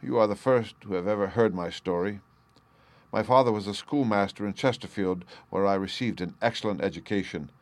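A man voicing an ashamed gentleman prisoner who tells his story earnestly and pleadingly. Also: on the low side, brisk, no echo, close to an everyday voice. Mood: confessing.

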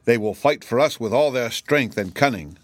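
A man's voice: mid-range voice, lively intonation, normal speed, dry recording, close to an everyday voice. A man voicing a proud, boastful gnome general in an audiobook, assured and at times irritable. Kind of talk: audiobook character reading.

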